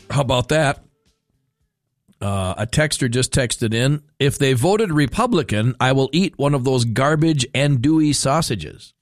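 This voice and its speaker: A male talk radio host rambling through a casual on-air monologue. His pitch rises and falls a lot, and he sounds amused with himself. The studio sound is dry and close. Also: no room sound. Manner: rambling, animated, self-amused.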